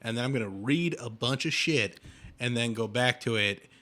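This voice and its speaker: A man's voice: medium pitch, normal speed, bright, forceful tone. A man in his thirties hosting a podcast in casual chat, rambling with lots of fillers and restarts. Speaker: podcast host.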